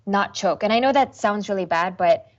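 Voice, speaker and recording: A young woman esports host answering interview questions in an animated, self-deprecating way. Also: mid-range voice, moderate pace, muffled recording.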